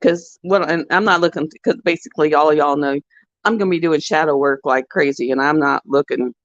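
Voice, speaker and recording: A woman's voice: sits low, fairly quick, dry recording. A woman hosting a livestream, chatting casually with her viewers in a rambling, heartfelt storytelling way. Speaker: livestream host. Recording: dull, dry lo-fi sound.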